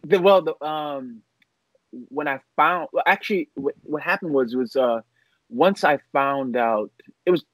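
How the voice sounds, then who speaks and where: A middle-aged man, a pastor, answering interview questions in a relaxed way, often pausing, restarting and laughing. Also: a little high, dry recording, low-quality recording. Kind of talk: casual interview chat.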